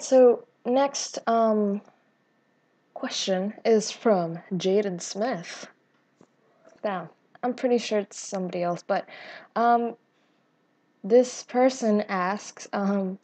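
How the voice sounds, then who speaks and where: A woman's voice: mid-range voice, dark tone, husky. Woman rambling thru a youtube q&a, lots of ums and restarts, laughs at herself a lot. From Latina, grown up in the US. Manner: chatty and rambling, with frequent fillers and restarts; self-deprecating and giggly. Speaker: YouTube gaming channel host. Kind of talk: casual Q&A vlog.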